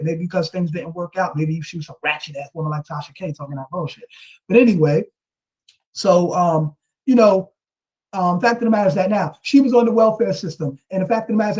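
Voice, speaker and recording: A man's voice: high-pitched, a little mellow, rough recording. A man giving casual, emphatic ranting commentary on a vlog, often tagging his points with a rhetorical question. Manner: emphatic, repeats "you know what I'm saying".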